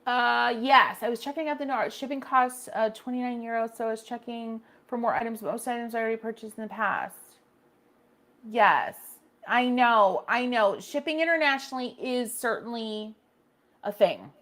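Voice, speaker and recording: A woman's voice: fairly high pitch, moderate pace, a bit bright. A woman hosting a casual painting livestream, chatting with viewers and reacting to their comments, often restarting her sentences.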